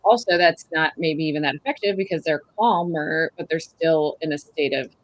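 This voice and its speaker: A woman's voice: low-pitched, normal speed. A woman guest on a podcast, explaining her ideas at length with everyday examples. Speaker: guest author. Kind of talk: podcast conversation.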